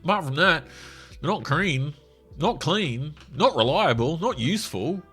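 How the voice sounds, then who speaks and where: A man's voice: on the high side, animated, a little slow, fairly bright tone, breathy edge, faint music behind. An Australian man giving blunt, profane casual commentary while scrolling through a social media feed.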